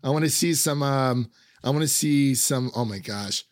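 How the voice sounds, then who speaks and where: A man's voice: mid-range voice, normal speed, no room sound, studio quality. A man chatting casually about a film, rambling with many fillers and frequent laughs. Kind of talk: casual film review chat.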